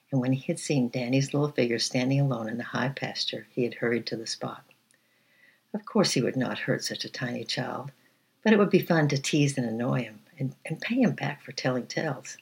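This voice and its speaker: A man reads a children's story aloud with a husky, breathy voice. His pitch sits in a middle range, and he keeps a gentle, even pace, now and then slipping and restarting a word. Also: moderate pace.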